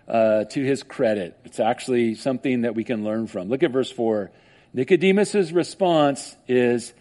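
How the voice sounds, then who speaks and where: A man preaching a sermon in a conversational way, laughing often and acting out the voices of people he quotes. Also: a little high. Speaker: pastor.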